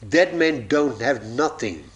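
A man's voice: medium pitch, expressive, slow. A man preaching a sermon, telling illustrations and acting out the voices in his stories, chuckling at his own jokes.

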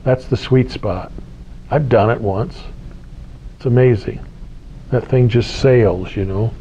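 A dark-toned, mid-range voice speaks slowly, with a little hiss or hum in the background. It's a US spiritual teacher talking casually with a small group, repeating key phrases and questioning listeners, in a slightly dull lo-fi recording.

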